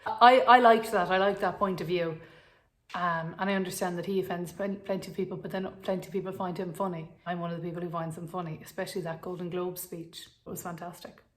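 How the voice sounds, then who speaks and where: A woman's voice: lowish voice, fairly even intonation, fast. Chatty young Irish woman vlogging. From Ireland. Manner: rambling, chatty, self-mocking. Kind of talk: casual chat to camera.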